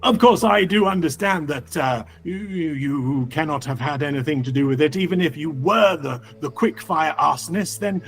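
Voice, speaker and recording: A man's voice: fairly high pitch, normal speed, few pauses, soft background music, pitched above the performer's own voice, lightly acted. A man voicing a flustered, fussy male law speaker who stammers and speaks formally.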